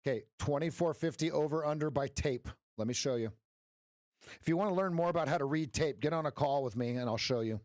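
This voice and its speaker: A trading coach is giving live-stream commentary on trades, speaking energetically and directly to his viewers with frequent quick checks of "right?". His slightly high voice is getting hoarse as he loses it. The sound is close and dry, with no room sound at all.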